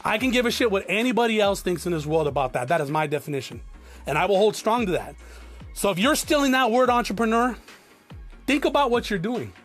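Animated and brisk, a man in his forties from South Tucson, Arizona, speaks in a high, slightly bright voice as faint music plays behind him. An entrepreneur vlogger, he delivers a blunt, profane, preachy motivational monologue to camera, calling his viewers "guys."

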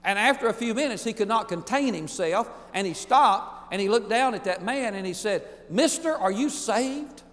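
A pastor preaching a sermon emphatically, swinging between booming declarations and hushed asides. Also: male voice, fairly quick, hardly any pauses, big-room sound.

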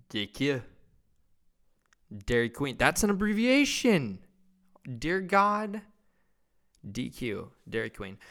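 A man's voice: medium pitch, fairly bright tone, clean tone. A young man hosting a solo comedy podcast, rambling and self-mocking, swearing constantly. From Wisconsin. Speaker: podcast host.

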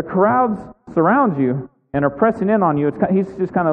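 A man with a fairly high voice preaches a sermon, acting out the voices of the story's characters as he goes. He talks fairly quickly with hardly any pauses, and the thin, phone-like audio carries the long reverb of a large hall.

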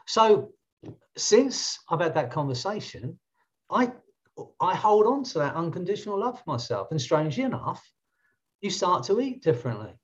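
A man's voice: high voice, very animated, normal speed, dull audio. An English man with an English accent, a coach telling stories in casual podcast chat, with many restarts. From England. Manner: storytelling, chatty, many restarts. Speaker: coach and trainer.

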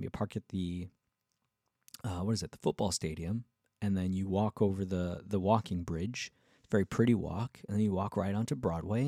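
A male musician vlogger telling a casual story in a rambling, excitable way, full of fillers and restarts. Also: lowish voice, no echo, clean studio sound.

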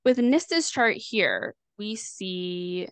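A woman's voice: medium pitch, expressive, slow, clean tone, no room sound. A woman astrologer explaining things casually on a video call, chatty, with lots of fillers and restarts. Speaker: astrologer guest.

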